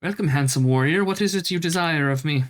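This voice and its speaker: A man's voice: on the high side, fairly quick, pitched above the performer's own voice, close to an everyday voice. A man voicing a guard torn between honor and duty, speaking solemnly in a raised voice.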